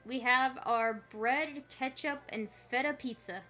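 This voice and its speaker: A woman streamer talks her way through a puzzle game in a loose, rambling, playful way. Her voice is bright and sits a bit high. Soft music plays quietly behind her. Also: measured pace. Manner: chatty, rambling, playful asides. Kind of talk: casual gameplay commentary.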